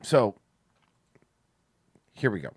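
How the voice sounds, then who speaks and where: A man's voice: drawn-out words, a little mellow, no echo, clean studio sound. A man co-hosting a comedy podcast, joking crudely and swearing freely in loose banter. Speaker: podcast co-host.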